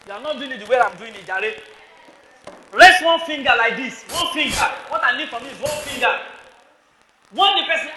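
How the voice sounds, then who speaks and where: A Nigerian man preaching to a crowd of students in an echoey hall. His voice sits very high and sharply bright. He scolds his listeners and fires questions at them. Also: expressive, a little fast, a little hiss or hum. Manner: scolding, rhetorical questions, calling on listeners by name. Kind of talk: sermon.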